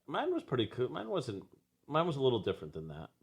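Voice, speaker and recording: A man in candid podcast conversation, talking haltingly with many restarts. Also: creaky, breathy edge. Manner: halting, starts over, lively pitch.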